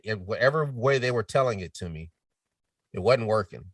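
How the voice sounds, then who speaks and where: A low-pitched middle-aged man chats as a podcast guest. He tells his stories with energy and puts on the voices of people he quotes. At times he sinks to a near whisper. The sound is dry and picked up from a little way off the mic. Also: moderate pace, no room sound, distant mic. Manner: animated storytelling with quoted voices, drops to a near whisper to demonstrate. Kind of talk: casual chat.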